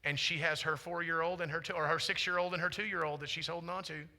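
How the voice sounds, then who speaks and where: In a church sanctuary, a pastor in his forties delivers a sermon in an easy, chatty, storytelling way rather than a formal one, often turning to the congregation with questions. His high voice sounds very bright and forceful, fast with fairly even intonation and some vocal fry.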